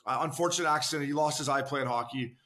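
Speaking at a quick pace, the man has a higher, bright, forceful voice. He used to play hockey professionally and is now a podcast guest in casual chat, with many restarts, loose cursing, and "boys" and "fella" for the hosts.

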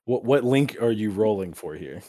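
A man's voice: on the low side, lively intonation, normal speed, warm tone. A man narrating as game master in a tabletop game, laughing often and using many fillers.

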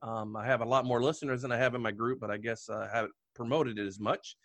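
A man's voice: medium pitch, steady tone, fast, a bit bright, no echo. A man hosting a podcast, chatting casually with guests and laughing often. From Delaware. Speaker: podcast host.

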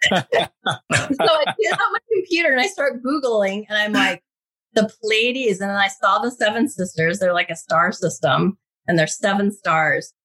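Husky-voiced woman chatting on a podcast, gets really animated, does the voices in her story. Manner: animated, acts out quotes with big pitch jumps. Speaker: guest, intuitive reader.

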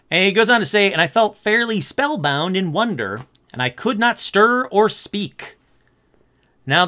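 A man's voice: high-pitched, sharp tone. A man telling a history story in a casual way, reading passages aloud and breaking off for wry, jokey asides. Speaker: narrator.

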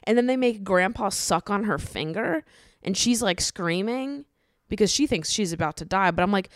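A podcast host rambles chattily and casually, swearing freely and laughing often. Her medium-pitched voice is lively in intonation and moves at a normal speed, captured with clean studio sound and no room sound.

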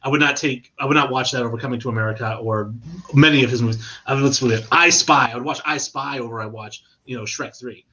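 A man's voice: medium pitch, quick pace, bright, forceful tone, dull audio. A man co-hosting a casual sports podcast who argues and teases in a pushy way. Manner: argumentative, teasing. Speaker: podcast co-host.

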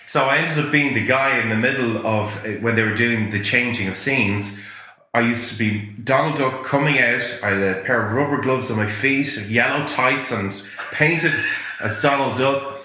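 Bright-voiced man in an echoey room. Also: medium pitch, normal speed. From Ireland. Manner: rambling, anecdotal storytelling. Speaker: guest. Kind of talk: casual interview chat.

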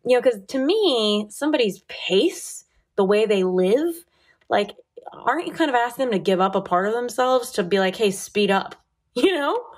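A woman's voice: a little high, lively intonation, moderate pace. Curious woman host asking questions. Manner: curious, asks questions, frequent backchannel. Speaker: podcast host. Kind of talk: casual interview chat.

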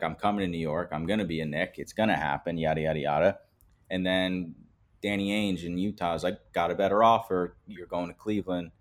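A man hosting a casual sports podcast, teasing his friends while steering the talk. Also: deep voice. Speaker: podcast host.

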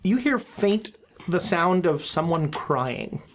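Lady game master, lowish voice, chatty, lots of ums and restarts. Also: big pitch swings. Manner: chatty, halting with fillers and restarts. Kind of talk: narrating a tabletop game.

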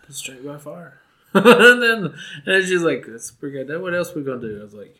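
Young guy, chill rambling chat, fillers everywhere, a bit higher voice. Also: lively intonation, fairly quick, bright, forceful tone. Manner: loose rambling storytelling with many "like"s, laughs often. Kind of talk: casual chat.

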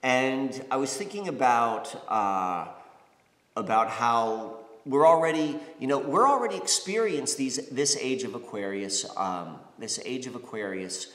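A man's voice: medium pitch, lively intonation, unhurried, fairly bright tone. Rambling man in an echoey room. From United States. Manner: rambling, many fillers and restarts. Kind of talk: reflective spiritual monologue. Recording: echoey room with long reverb.

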